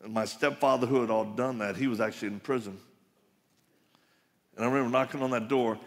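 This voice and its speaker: This middle-aged conference speaker has a mid-range voice with fairly even intonation and a brisk pace. He delivers a live sermon in a large, echoing hall, telling personal anecdotes in an emphatic, joking manner.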